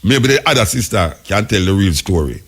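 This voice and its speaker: A Jamaican man hosting a radio talk show, musing in patois-laced commentary, his pitch jumping up when he is incredulous. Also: very animated, a little fast, a bit bright, breathy edge. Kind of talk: spoken commentary.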